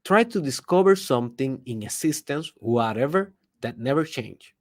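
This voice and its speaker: A man with a voice of ordinary middle pitch delivers a motivational monologue as a podcast host. He is emphatic, jumping from loud bursts to hushed asides, and keeps asking the listener rhetorical questions. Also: expressive, normal speed. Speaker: podcast host, personal development speaker.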